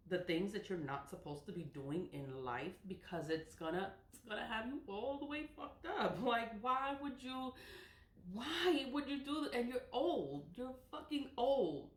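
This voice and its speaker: A woman in her forties talking casually and emphatically to camera, often breaking into laughter. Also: mid-range voice. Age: 40s. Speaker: spiritual vlogger. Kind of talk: casual monologue. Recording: echoey room.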